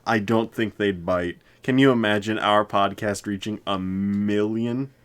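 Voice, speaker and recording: A man's voice: fairly low pitch, fairly even intonation, a little slow, clean tone. Rambling, laughing male podcast co-host. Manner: laughing, rambling with many fillers. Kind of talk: casual chat.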